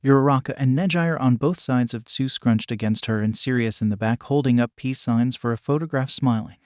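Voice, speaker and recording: A man's voice: medium pitch, fairly quick, darkish tone, dry recording, studio quality. Man reading fan fiction aloud. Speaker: narrator. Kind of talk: scripted fan fiction narration.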